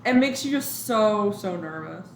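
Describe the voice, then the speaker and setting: A young woman co-hosting a podcast, chatting about a movie in a relaxed, agreeable way. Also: mid-range voice, a little slow. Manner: agreeable, relaxed, lots of short backchannels. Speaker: podcast co-host. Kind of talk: casual movie chat. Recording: roomy with faint background noise.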